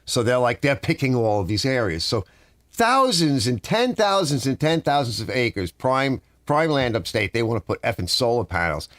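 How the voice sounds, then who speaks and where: Animated middle-aged man ranting. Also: medium pitch, moderate pace, no echo, studio quality. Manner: rambling, ranting, reading out chat. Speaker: host of a live garage stream. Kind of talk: casual live-stream chat with viewers. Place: home garage.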